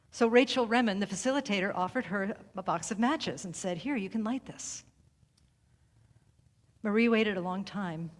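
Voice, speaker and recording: A woman delivering a sermon through a story, speaking in a measured, deliberate way with long pauses and softened phrases. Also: mid-range voice. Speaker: speaker at a spiritual center service. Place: sanctuary hall. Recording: reverberant hall recording.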